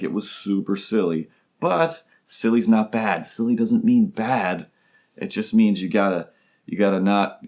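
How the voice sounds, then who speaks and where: Low-voiced rambling goofy male podcast host. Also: darkish tone. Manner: rambling, goofy, self-interrupting. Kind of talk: comedic solo podcast monologue.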